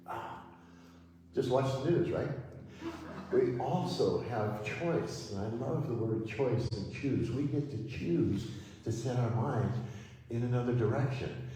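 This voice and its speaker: A man with a lowish voice delivers a gentle, unhurried sermon, pausing often as he leads his listeners through affirmations. He is picked up from a distance in a large, echoing hall, with faint room ambience behind him. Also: a little hiss or hum. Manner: slow, gentle, pausing preacher leading affirmations. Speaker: speaker at a spiritual center. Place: church hall. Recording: echoey hall, mic from far off.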